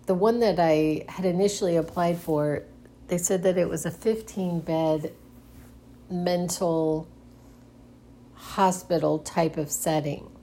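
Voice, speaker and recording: A woman's voice: on the low side, steady tone, slow, dark tone, a little hiss or hum. A middle-aged woman hosting a casual solo monologue, speaking hesitantly with frequent restarts and nervous giggles. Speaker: podcast host.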